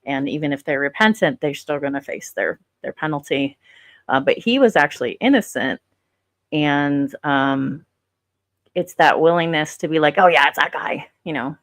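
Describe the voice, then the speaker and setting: A woman with a low voice comments on online drama in a loose, rambling way, full of fillers and restarts. The sound is dry and close, with no room around it. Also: moderate pace, no room sound. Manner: rambling, many fillers, thinks aloud. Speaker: commentator reacting to clips. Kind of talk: casual commentary.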